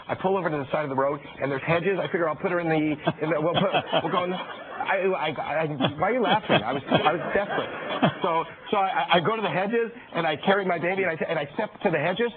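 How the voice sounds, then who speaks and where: A middle-aged man, a comedian guest, telling a story with animated energy, stumbling over quick restarts and repeated words. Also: fairly high pitch, background noise. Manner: stammering restarts, rapid repetitions. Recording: tinny phone-like radio broadcast with crowd.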